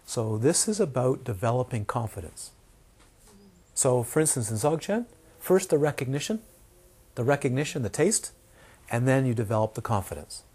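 A man's voice: medium pitch, big pitch swings, moderate pace, darkish tone, slightly rough. A man teaching meditation in a dharma talk, repeating key words for emphasis and sometimes dropping to a whisper. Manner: repetitive, emphatic, drops to a whisper in quotes.

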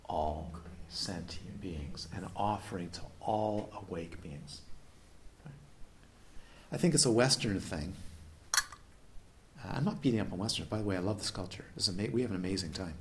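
Low-voiced man teaching meditation. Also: expressive, normal speed, a little hiss or hum. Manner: playful, exploratory teaching with questions to listeners. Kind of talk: dharma talk at a retreat. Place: retreat hall.

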